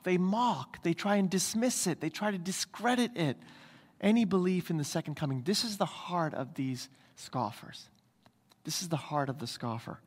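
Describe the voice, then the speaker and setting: A man's voice: high voice, a bit bright, big-room sound. A man preaching a sermon as pastor, emphatic, asking his congregation rhetorical questions again and again. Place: church.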